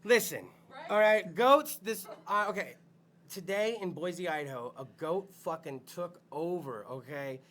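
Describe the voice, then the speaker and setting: A man hosting a podcast with loose comedic chat, profane and rowdy, often bursting into shouts. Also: high voice, unhurried, slight background noise. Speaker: podcast host.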